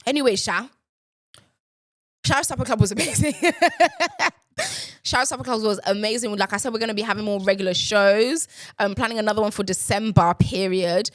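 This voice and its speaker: Animated sarcastic young woman. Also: fast, no echo, studio quality. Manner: animated, sarcastic, swings from loud outbursts to low mutters. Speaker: podcast host. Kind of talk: casual solo chat.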